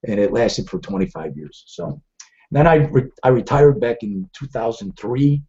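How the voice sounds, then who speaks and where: A man's voice: mid-range voice, normal speed, mellow. A middle-aged man hosting a live trading webcast, telling rambling stories with many restarts. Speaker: trading show host. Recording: dull lo-fi stream audio.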